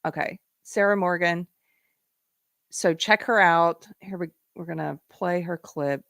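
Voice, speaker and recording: A woman's voice: on the low side, unhurried, creaky, fairly bright tone, dry recording, clean studio sound. Chatty woman host reading viewer chat. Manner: casual, chatty, laughs often. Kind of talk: live-stream talk show, reading viewer chat.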